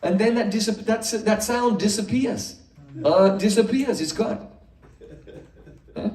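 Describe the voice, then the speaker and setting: A man with a high, mellow voice teaches philosophy to a gathering, explaining each point slowly and asking the room rhetorical questions. He sits some way from the mic, and the room gives his words a roomy echo. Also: lively intonation. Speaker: spiritual teacher. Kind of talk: philosophy lecture. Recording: echoey room, mic far off.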